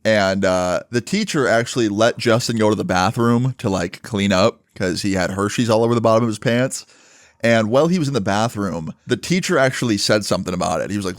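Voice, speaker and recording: A man's voice: lowish voice, brisk, dry recording, clean studio sound. A young man casually telling a storytime tale in a loose, chatty way, full of fillers and acted-out quotes.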